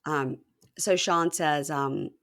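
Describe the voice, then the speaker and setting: Casting note: woman podcast host, low-pitched, lively storyteller voicing quotes in a raised voice. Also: slow. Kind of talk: casual chat recapping a reality show.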